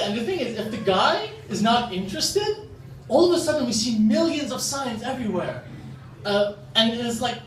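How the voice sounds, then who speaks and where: A young man does stand-up at an open mic with an animated, self-deprecating delivery and a very lively pitch. He sounds far from the mic in a reverberant room. The recording is noisy, and the audience laughs in the background. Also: moderate pace. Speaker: stand-up comedian. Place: open-mic comedy venue. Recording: roomy, distant, noisy live-venue recording.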